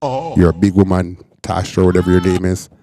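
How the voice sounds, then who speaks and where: A man's voice: low voice, brisk, crowd noise. A man hosting a reaction show, commenting bluntly and casually on a clip he is playing, cursing now and then. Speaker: reaction host.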